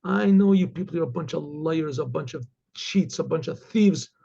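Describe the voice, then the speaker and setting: A man voicing a hostile, contemptuous army dentist, slow and sneering, in a told story. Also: a little high, gravelly, mellow, breathy edge, dull audio.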